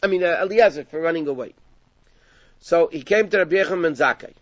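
A man teaching a Talmudic story to a class, acting out the dialogue with lively emphasis. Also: on the high side, fast talker, no room sound. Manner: animated, acts out dialogue with rising emphasis. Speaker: Torah teacher. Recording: dull lo-fi sound.

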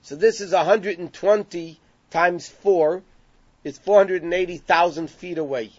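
In an unhurried Gemara lesson, a man with a high voice recounts the story and translates each Hebrew phrase as he goes. The recording is dry and a bit dull, with no room sound.

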